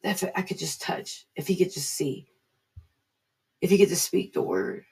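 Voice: medium pitch, moderate pace, creaky, breathy edge. A speaker giving an informal devotional talk, earnest and repeating key phrases for emphasis.

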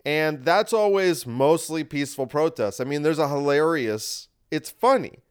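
Man, podcast host, casual monologue, wry, rambling, slightly high voice, smooth clear tone. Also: normal speed. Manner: wry, rambling, repeats himself.

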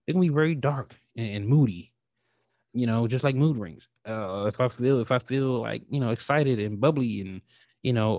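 A man hosting his own podcast in a casual, rambling way, talking with animated feeling and casual swearing. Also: fairly low pitch, dry recording, studio quality. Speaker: podcast host. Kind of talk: casual solo podcast talk.

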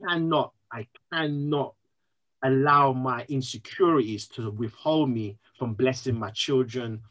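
A man, speaking as a podcast guest, earnest and emotional, telling his story in an animated way. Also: medium pitch, a little slow, highs cut off. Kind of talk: candid interview conversation.

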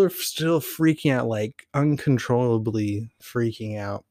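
A man hosts a podcast, telling a personal story in a casual, animated and rambling way, full of fillers. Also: mid-range voice, measured pace, few pauses, no echo, clean studio sound. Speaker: podcast host.

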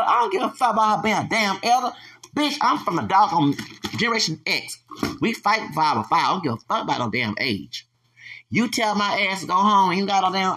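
A man in his forties delivering an angry, profane solo podcast rant. He stammers, restarts his sentences and breaks into loud, heated bursts. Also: sits high. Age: 40s. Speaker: podcast host.

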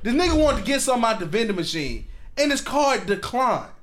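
A man's voice: very high-pitched, big pitch swings, brisk, fairly bright tone. A young man in a casual chat with friends, teasing and joking a lot, often laughing as he talks.

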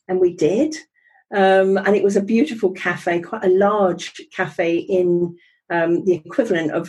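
Husky, mellow middle-aged woman. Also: mid-range voice, rough recording. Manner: chatty and wry, with frequent ums and restarts. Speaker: guest telling her career story. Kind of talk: conversational storytelling.

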